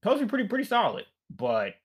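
A man's voice: high-pitched, huge pitch swings, fast, husky. A young man rambling in a tired, frustrated, profane rant, worn out and fatigued. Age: young adult. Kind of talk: casual rant.

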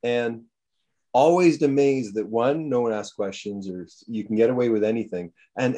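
A man talking loosely and profanely, spinning long anecdotes in an everyday, mid-pitched voice. His talk wanders and doubles back, and he breaks into high mocking impressions of other people. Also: normal speed. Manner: profane, rambling, animated storytelling with jumps into high mocking voices. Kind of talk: casual storytelling chat.

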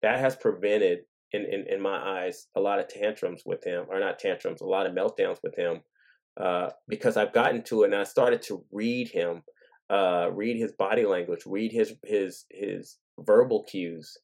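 A man hosting his own show, talking earnestly and gently in a casual reflective monologue, thinking aloud as he goes. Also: sits low, steady tone, normal speed, vocal fry. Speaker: father and podcast host.

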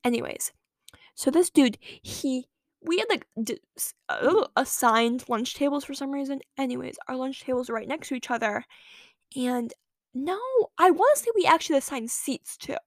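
A teenage girl hosting her own podcast, telling a story in a chatty, animated way that jumps from loud lines to whispered asides. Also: high voice, normal speed, no room sound, studio quality. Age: late teens. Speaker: podcast host. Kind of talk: casual storytelling monologue.

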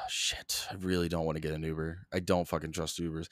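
A man's voice: rumbling low, level tone, brisk, no room sound, clean studio sound. A young man hosting a solo podcast, talking in a rambling, profane, exasperated way. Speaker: podcast host. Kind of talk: solo casual rant.

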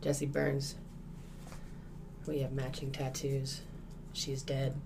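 Speaking slowly with an extremely low pitch and vocal fry, a woman co-hosts a podcast and tells a story while casually chatting among friends. She's animated and profane, swearing a lot and acting out what people said. Background noise is audible.

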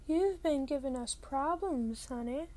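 A woman's voice: sits high, a little slow, darkish tone. A woman voicing a cold, threatening female teacher who is secretly a monster, read as an audiobook. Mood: menacing. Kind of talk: audiobook reading.

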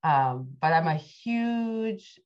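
Woman in her forties, low voice, animated casual chat, dull lo-fi sound. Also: very slow. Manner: animated, laughs often. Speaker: podcast co-host. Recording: dull lo-fi audio.

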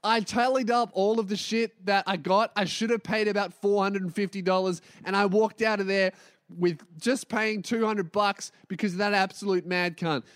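Young podcast host, high voice, animated, acts out every line of dialogue. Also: male voice, normal speed, no echo, studio quality. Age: 20s. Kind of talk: comedic storytelling.

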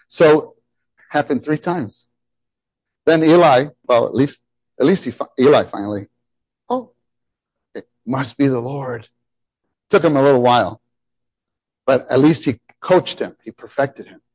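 A middle-aged man preaching a sermon, animated and emphatic, often repeating his phrases. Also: on the high side, no room sound. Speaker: pastor.

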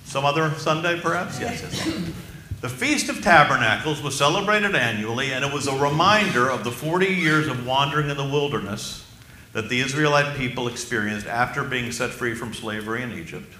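A male pastor delivers a sermon in a bright, forceful voice. He is emphatic, slows right down to stress key phrases and asks the congregation questions. The sound is roomy, with a faint murmur of ambience behind. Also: mid-range voice, animated, a little hiss or hum.

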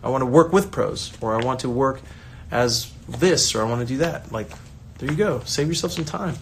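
A man's voice: medium pitch, normal speed, creaky, a little hiss or hum. A man, a soccer coach, giving a casual motivational talk with lots of energy, restarting sentences and acting out the voices of others. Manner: energetic, acts out quoted voices, rambling restarts. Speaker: soccer coach and online creator.

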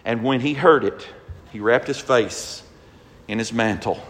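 A man preaching a sermon with emphasis, swinging from shouts to very quiet passages. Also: a little slow, distant mic. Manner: emphatic, rising to shouts then dropping very low. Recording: echoey hall with long reverb.

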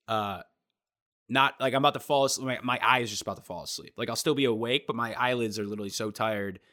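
A man's voice: medium pitch, fast talker, bright, forceful tone. A young man in a casual chat, telling a travel story with lots of swearing and acting out the people he met.

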